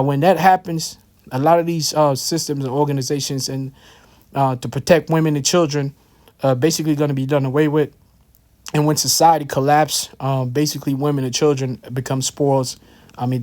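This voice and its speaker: A man's voice: mid-range voice, a little mellow. A man giving casual scripture commentary, telling a personal story in a loose, slangy way with many fillers and asides. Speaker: religious teacher.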